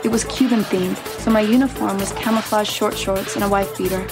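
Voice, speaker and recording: Actress doing a matter-of-fact film voice-over, young woman telling her story, clear music underneath. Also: medium pitch, steady tone, fairly quick, lightly acted. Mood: wry. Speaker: film narrator. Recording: film clip with music behind.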